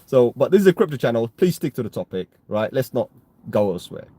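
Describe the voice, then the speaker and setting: A man's voice: mid-range voice, very animated, fast, dark tone, a little hiss or hum. A British man hosting a crypto live stream, talking casually to his chat in a rambling way, often tagging "right?" and getting heated. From United Kingdom. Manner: rambling, repeats "right?" and restarts, gets heated. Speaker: crypto livestream host.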